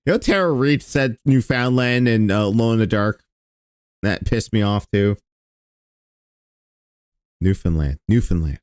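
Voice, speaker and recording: A man's voice: medium pitch, fairly even intonation, moderate pace, clear, resonant tone, no room sound, studio quality. A man streaming, reacting to an old video in a casual, sarcastic and profane way.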